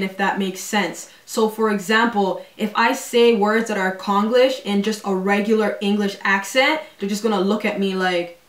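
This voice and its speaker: A woman's voice: medium pitch, distant mic. A woman in her twenties vlogging casually at home, talking in slang and filling her talk with "like" and "yo". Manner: slangy, full of 'like' and 'yo', quick asides. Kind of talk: casual vlog. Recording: roomy echo, away from the mic.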